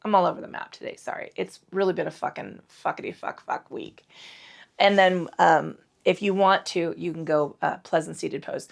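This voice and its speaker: A woman's voice: on the low side, steady tone, moderate pace, vocal fry. A middle-aged woman teaching a casual yoga class, rambling, swearing freely and joking at her own expense. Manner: rambling, profane and self-deprecating. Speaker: yoga instructor. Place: indoors at home.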